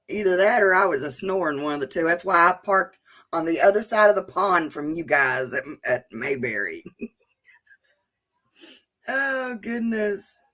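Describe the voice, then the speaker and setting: Slow, chatty woman host reading chat. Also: fairly low pitch, animated, fairly bright tone. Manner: chatty, laughs often, drawn-out exclamations. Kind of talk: casual livestream chat.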